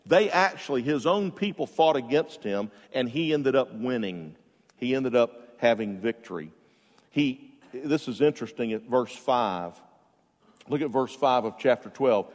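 Preacher in a reverberant hall. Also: male voice, medium pitch, expressive, unhurried. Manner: storytelling, bursts of loud emphasis, drops quiet for a joke. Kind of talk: sermon. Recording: long reverb of a large hall.

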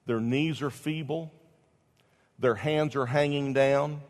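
A pastor preaching a sermon, telling a story with lively swings between loud and hushed delivery. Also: male voice, mid-range voice, slow pace, big-room sound.

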